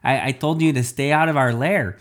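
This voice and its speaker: A man's voice: medium pitch, brisk, voice pushed up, close to an everyday voice. A man voicing a nervous, stammering middle-aged scientist father in a storybook reading. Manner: stuttering, hesitant and nervous.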